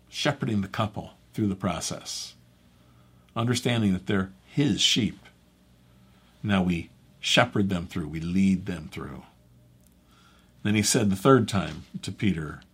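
A man speaking as a pastor, teaching through a scripture passage in a conversational, halting way and correcting himself as he goes. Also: low-pitched, a bit bright, slightly rough. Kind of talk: bible teaching.

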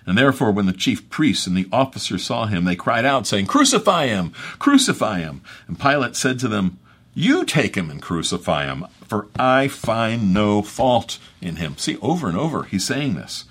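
A man's voice: on the low side, big pitch swings, normal speed, a bit bright, slightly rough. A man preaching an expository sermon, reading scripture aloud with dramatic emphasis and breaking off into conversational asides. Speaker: pastor.

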